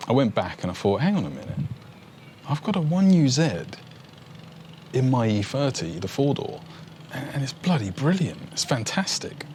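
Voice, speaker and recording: A man with a low, deep voice talks casually to his viewers, rambling from one thought to the next. He gets excitable, restarts his sentences often and swears mildly. A faint hum of noise sits behind him. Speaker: car enthusiast vlogger. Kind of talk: casual talk to camera.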